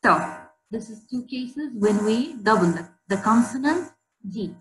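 A woman teacher giving a slow spelling lesson to children, repeating words so pupils can say them after her. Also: fairly high pitch, lively intonation. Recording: echoey room with faint hum.

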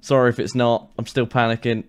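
A gaming YouTuber talks a bit fast in a flat, mid-range voice with a clean tone. His casual commentary on the game is frustrated, full of swearing and fed-up rants.

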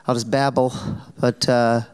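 A man's voice: medium pitch, little pitch movement, measured pace, a little mellow, clear, resonant tone. A man on a fan convention panel, telling a casual story with lots of fillers, self-corrections and laughs. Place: convention panel hall, on stage.

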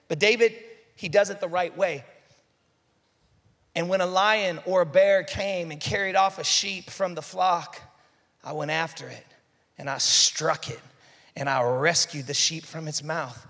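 A man's voice: on the high side, steady tone, a little slow, pauses often, a bit bright. A male pastor preaching a sermon, exhorting the congregation in a fervent, conversational way that builds to emphatic peaks. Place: church hall. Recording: live sermon in a reverberant church hall.

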